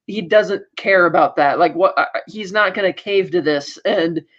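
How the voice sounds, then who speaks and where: A man's voice: high-pitched, fairly bright tone, dull audio. A man co-hosting a podcast, retelling an episode in casual chat and quoting the characters as he goes. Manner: brisk retelling with acted quotes. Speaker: podcast co-host.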